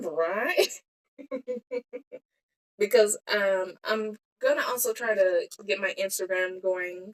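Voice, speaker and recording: A woman chatting casually to her live-stream viewers while making bead earrings on her phone, giggling and trailing off as she talks to herself. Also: fairly low pitch. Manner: giggly, self-talking, trails off mid-sentence. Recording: cellphone live-stream audio.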